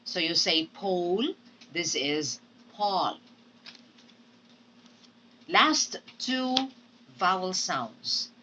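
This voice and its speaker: A woman teaching English pronunciation in a recorded lesson. She speaks deliberately, models example words aloud and often checks in with "okay?". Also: fairly low pitch, big pitch swings, sharp tone, recorded from a distance, a little hiss or hum, low-quality recording.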